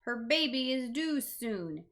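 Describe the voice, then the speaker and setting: A woman gives a casual online language lesson in a slightly high, bright voice. She speaks slowly and patiently, pausing often to ask "right?" to keep her learners with her. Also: big pitch swings. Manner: patient, reassuring explanations with frequent "right?" checks. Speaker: language teacher.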